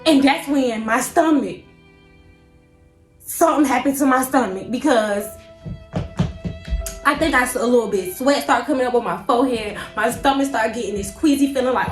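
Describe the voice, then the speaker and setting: Young woman with a high voice telling a storytime, slangy and dramatic, echoey room. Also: moderate pace, pauses often, over music. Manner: animated, slangy, dramatic inner monologue. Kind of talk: storytime vlog, casual retelling.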